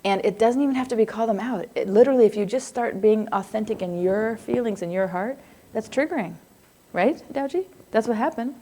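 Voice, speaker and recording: Her voice is a little high and warm, and she talks a little fast. This middle-aged woman lectures a live psychology class loosely and conversationally, wandering off topic, laughing easily and often pausing to check in with students.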